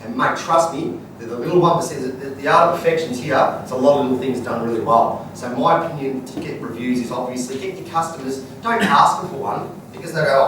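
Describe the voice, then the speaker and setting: Fast-talking blunt Australian man. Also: medium pitch, fairly bright tone. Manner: blunt, colloquial, straight-talking. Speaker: guest speaker, business owner. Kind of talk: live Q&A storytelling. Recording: echoey room, distant mic, noisy.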